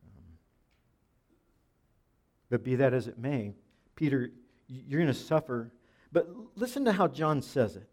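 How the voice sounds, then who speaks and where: A man preaching a Bible sermon, restarting phrases often and dropping softer when he quotes scripture. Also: medium pitch, lively intonation, measured pace, long pauses. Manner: preaching with frequent repeats and restarts, dropping soft for quoted lines. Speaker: pastor.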